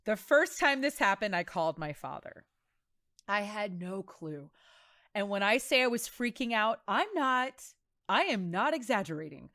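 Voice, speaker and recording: A woman hosting a podcast, telling stories in a casual, animated and dramatic way and laughing often. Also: mid-range voice, normal speed, no room sound, studio quality. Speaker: podcast host. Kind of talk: casual storytelling chat.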